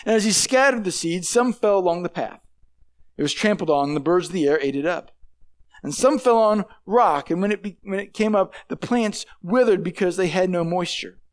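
A man's voice: high-pitched, lively intonation, normal speed. A man preaching a sermon in a conversational way, often restarting and repeating words, and acting out quoted voices. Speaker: pastor.

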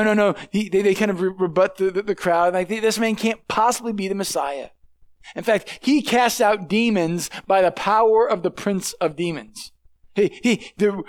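A man preaching a sermon in a conversational way, often restarting and repeating words, and acting out quoted voices. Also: sits high. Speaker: pastor.

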